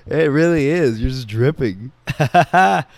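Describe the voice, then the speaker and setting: A young man chatting on a podcast, his voice swinging widely as he tells animated stories full of swearing. The recording is close and dry, with no room sound. He is an easy, lively talker. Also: mid-range voice, slow pace, creaky, no room sound. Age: young adult. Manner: animated storyteller, swears and laughs often. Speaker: podcast co-host. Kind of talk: casual chat. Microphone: studio microphone.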